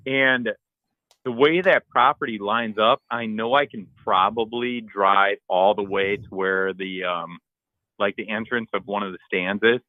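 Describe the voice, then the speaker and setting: Excitable man telling a hunting story. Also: on the low side, unhurried, dry recording, phone-quality sound. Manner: animated storyteller, acts out his own shouts and texts. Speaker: podcast co-host. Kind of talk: casual storytelling.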